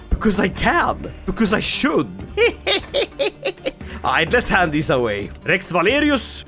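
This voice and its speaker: Brief: high, animated man narrating strategy gameplay, theatrical bursts of glee, faint music under. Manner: excitable, theatrical, laughs often. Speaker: gaming video creator.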